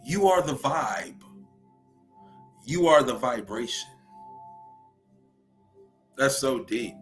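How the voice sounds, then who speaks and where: A man's voice: medium pitch, animated, slow, faint music behind. A young man from Louisiana with a Southern accent hosts a spiritual livestream talk in a preachy way, often asking "right?" to check in with his viewers.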